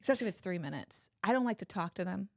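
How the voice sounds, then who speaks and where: A woman's voice: medium pitch, animated, racing, a little mellow, dry recording, studio quality. A woman co-hosting a podcast in casual chat, asking questions and teasing her co-host.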